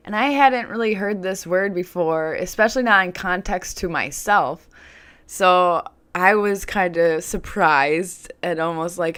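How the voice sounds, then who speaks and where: A woman's voice: mid-range voice, a little slow, a bit bright, clean tone. A woman vlogging, telling a personal story in a candid, chatty way with plenty of "like" fillers.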